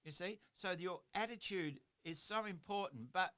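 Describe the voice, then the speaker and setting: A man's voice: sits high, normal speed, bright, forceful tone. A middle-aged man hosting a motivational radio chat in a studio, talking earnestly and repeating his points for emphasis. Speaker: radio show host.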